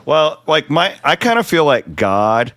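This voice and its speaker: A man's voice: on the high side, big pitch swings, measured pace, fairly bright tone, dry recording, clean studio sound. A man with a Midwestern American accent hosting a podcast, chatting casually in a jokey, rambling way that often breaks off mid-thought. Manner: chatty, jokey, self-interrupting. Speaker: podcast host. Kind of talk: casual chat.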